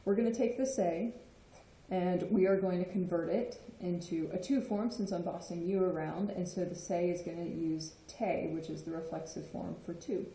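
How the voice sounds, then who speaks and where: Teacher type: woman, low-ish mellow voice, patient explainer, roomy echo. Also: steady tone, normal speed, slight background noise. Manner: patient, checks in with frequent "okay?". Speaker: Spanish teacher. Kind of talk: explanatory lesson. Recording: echoey room.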